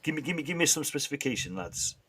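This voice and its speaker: A man hosting a casual live stream, bantering with the chat in a lively way and often restarting his sentences. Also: fairly high pitch, fast, husky. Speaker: livestream host.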